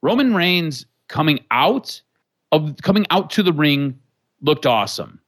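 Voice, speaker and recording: A man hosting a casual wrestling chat, measured and conversational. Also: a little high, sing-song, fairly bright tone, no room sound. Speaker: wrestling podcast host.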